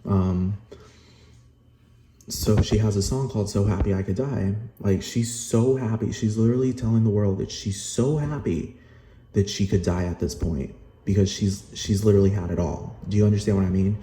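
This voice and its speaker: A man's voice: lowish voice, normal speed, dark tone. A man ranting angrily in a vlog, swearing and repeating himself, again and again asking whether the listener understands. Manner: heated, repetitive, profane, keeps asking "do you understand?". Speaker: vlogger. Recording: echoey room with noise behind.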